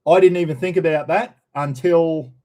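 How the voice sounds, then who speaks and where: A man's voice: on the high side, moderate pace, dark tone. A middle-aged Australian man hosting a casual livestream chat, rambling and slangy, often calling out to his viewers as everyone. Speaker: livestream host.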